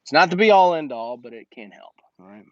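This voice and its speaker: A man's voice: on the high side, animated, fairly quick, dry recording, dull audio. A man hosting a casual livestream Q&A and coaching business owners in slangy, emphatic talk that repeats his points.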